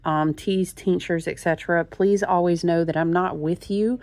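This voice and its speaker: A woman talks to her viewers as a tarot reader in a gushing, chatty way. Her voice is low and gravelly with lots of fry. The recording is dry and close. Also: fairly even intonation, moderate pace, a little mellow, no room sound. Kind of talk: casual chat.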